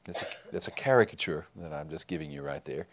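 A man preaching a sermon to his congregation, emphatic, rising loud and falling quiet. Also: a bass voice, fast. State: tearful while reading scripture. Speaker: pastor.

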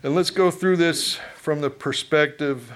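A man's voice: on the high side, a little slow, a bit bright. A middle-aged man preaching a sermon as pastor, in a conversational way, asking the congregation questions and acting out townsfolk.

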